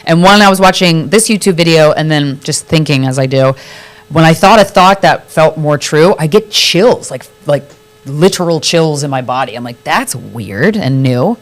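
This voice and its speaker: A woman's voice: low voice, moderate pace, faint music behind. A woman hosting a live podcast from a studio, talking in a rambling, reflective way with lots of fillers and restarts. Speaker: podcast host. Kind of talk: casual live chat.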